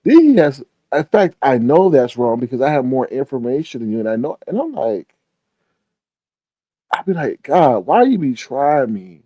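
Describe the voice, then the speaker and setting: A man hosting a casual live stream, talking straight to his viewers and breaking into excited exclamations. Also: medium pitch, normal speed, no echo, poor audio. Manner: animated, exclaims often, talks to viewers directly.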